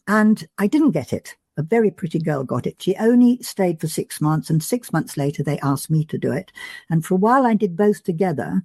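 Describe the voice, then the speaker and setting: Older woman, podcast guest, mellow tone, dry close recording, chatty reminiscing. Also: on the low side, lively intonation, brisk, dry recording. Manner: chatty storyteller with frequent restarts and ums. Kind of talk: casual reminiscing conversation.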